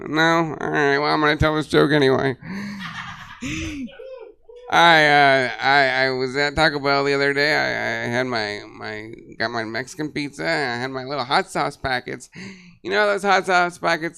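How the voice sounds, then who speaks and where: A man hosting a comedy show, doing a short stand-up bit with a halting, filler-heavy delivery before bringing up the first comic. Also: on the high side, vocal fry, bright, forceful tone, clean tone. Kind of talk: stand-up emcee set. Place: comedy theater stage, live audience.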